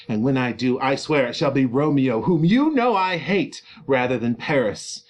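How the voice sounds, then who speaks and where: A man's voice: medium pitch, lively intonation, normal speed, lightly acted. A man reading as a defiant young girl. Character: defiant teenage girl refusing a marriage. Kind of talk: dramatic reading of a play.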